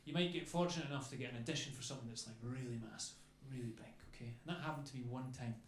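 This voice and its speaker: A man's stand-up set on a club stage comes through a handheld mic, casual and chatty, with "okay?" after his lines. His mid-range delivery is rapid-fire, and the echoey club recording has faint ambience plus a little hiss or hum.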